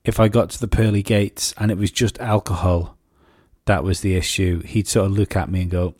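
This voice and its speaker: A man, co-hosting a podcast and telling rambling, sweary stories in casual chat, often jumping into high mocking voices to quote people. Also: steady tone, normal speed, a little mellow, no echo, clean studio sound. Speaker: podcast co-host.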